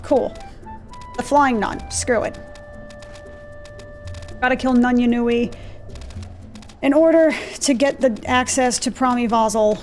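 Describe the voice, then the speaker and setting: A woman's voice: fairly high pitch, creaky. Chatty woman narrating her gameplay. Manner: chatty and self-deprecating, easily sidetracked. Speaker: let's play host. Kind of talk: casual gameplay commentary. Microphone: desk mic with gain turned down in software. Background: faint game music and clicky mechanical keyboard.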